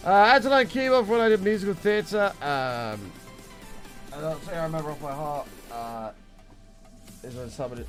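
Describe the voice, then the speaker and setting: Lively streamer guy, voice worn. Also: a little high, moderate pace, soft background music. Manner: chatty, excitable, swears casually. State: voice worn and strained. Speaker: livestreamer. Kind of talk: casual stream chat.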